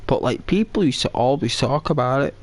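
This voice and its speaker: A man's voice: mid-range voice, expressive, a little fast. A man casually chatting while playing a game, rambling and hesitant, full of fillers and restarts. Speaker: gaming channel host.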